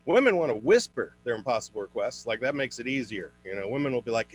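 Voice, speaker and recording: A young man performing a stand-up comedy set for an online show, switching into high put-on voices for his characters. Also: expressive, quick pace, few pauses, a little hiss or hum.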